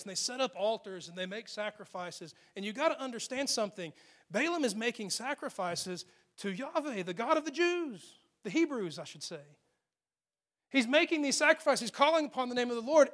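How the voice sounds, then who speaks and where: A man preaching a sermon, retelling a Bible story in an animated, joking storyteller's way. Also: very high-pitched. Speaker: pastor.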